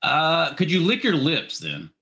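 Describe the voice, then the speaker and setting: A man's voice: fairly high pitch, wildly swooping pitch, unhurried, pushed and bright, husky. A man hosting a live stream in a loose, joking way while he plays video clips for his guests. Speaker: stream host. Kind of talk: casual live-stream chat.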